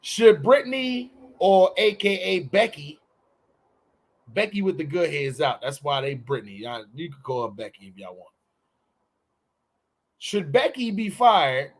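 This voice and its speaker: A man's voice: high-pitched, big pitch swings. A man hosting a podcast in casual chat, joking and stretching words out for emphasis. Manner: loose, joking, drawn-out emphatic delivery. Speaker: podcast host.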